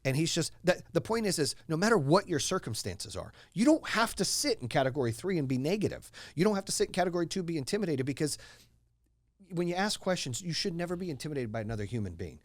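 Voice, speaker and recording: A man in his forties tells stories brashly and boastfully, his voice lively and rising and falling. He talks quickly in a slightly high register, recorded dry and close. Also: no echo. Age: 40s. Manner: brash, boastful storyteller with big swings in loudness. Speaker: guest, entrepreneur. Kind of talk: casual interview chat.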